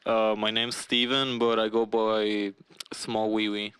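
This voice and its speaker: A young man telling a crude comic story in an unhurried, deadpan way with fillers. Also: lowish voice, a little hiss or hum. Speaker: cameraman guest.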